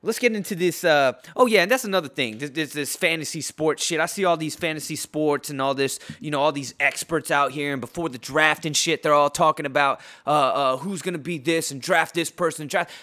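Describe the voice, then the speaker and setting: A man from San Diego ranting as a podcast host, loud and trash-talking, a little tipsy, with lots of restarts. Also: a little high, fairly quick, hardly any pauses. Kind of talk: profane sports rant.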